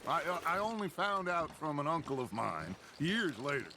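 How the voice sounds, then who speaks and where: A charismatic gang leader. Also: male voice, on the high side, big pitch swings, normal speed. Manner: expansive, theatrical, fond storytelling. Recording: game audio with loud background noise.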